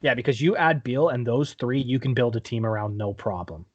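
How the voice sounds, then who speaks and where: A man co-hosting a podcast with a Canadian accent, talking sports in an animated, casual way, swearing freely and agreeing with quick "yeah"s. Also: medium pitch, muffled recording. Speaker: podcast co-host.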